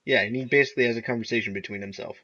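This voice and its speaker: A young man co-hosting a podcast in casual chat, excitedly recapping TV episodes and often laughing as he retells scenes. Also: mid-range voice, very fast, a crowd in the background. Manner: excitable, laughs often, acts out characters' lines. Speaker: podcast co-host. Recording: dull lo-fi recording.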